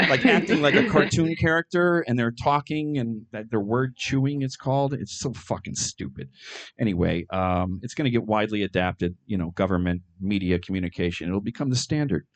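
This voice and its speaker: A middle-aged man doing a stand-up comedy set, delivering absurd jokes in a deadpan way with frequent ums and uhs. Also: fairly low pitch, normal speed.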